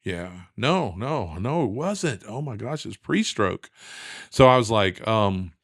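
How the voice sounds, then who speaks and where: A middle-aged man telling a long story in a lively, casual way, acting out the voices of the people in it. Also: lowish voice, slow pace, no echo, studio quality. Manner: animated, acts out quoted voices. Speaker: guest.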